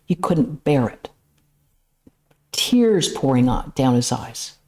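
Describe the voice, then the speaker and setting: A woman's voice: very deep voice, slow. A woman, a nun, giving a conversational spiritual lecture at a temple, telling stories with casual asides. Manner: lively storytelling with casual asides.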